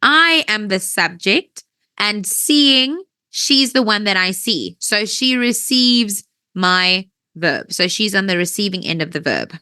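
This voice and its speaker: A woman teaching an English grammar lesson, patient and checking that everyone understands, her voice tiring and needing a throat-clear now and then. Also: medium pitch, expressive, slow pace, bright, forceful tone, no echo. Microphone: wears headphones.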